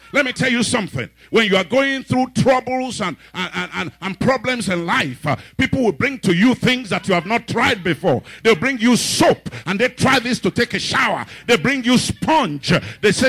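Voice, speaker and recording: A man preaching a sermon who retells scenes dramatically and rises to shouts. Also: extremely high pitch, animated, normal speed, few pauses, dry recording, soft background music. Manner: dramatic storytelling, acting out characters, shouting peaks.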